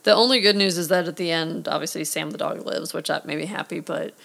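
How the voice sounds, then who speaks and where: A woman's voice: sits low, fast talker, vocal fry, fairly bright tone. A woman co-hosting a casual movie review chat, rambling and playful, now and then doing silly voices for jokes. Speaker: podcast co-host reviewing a movie.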